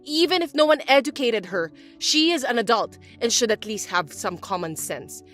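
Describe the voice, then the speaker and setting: A woman voicing a scheming, self-pitying older mother-in-law who talks in a shrill, accusing whine. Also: expressive, moderate pace, fairly bright tone, soft background music. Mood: complaining. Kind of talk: dubbed drama acting.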